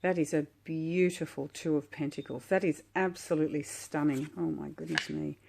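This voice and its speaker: Low-voiced woman gushing over cards. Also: steady tone, gravelly, darkish tone. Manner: gushing, admiring, unhurried. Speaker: tarot vlogger. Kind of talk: relaxed unboxing commentary. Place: sitting on the floor at home.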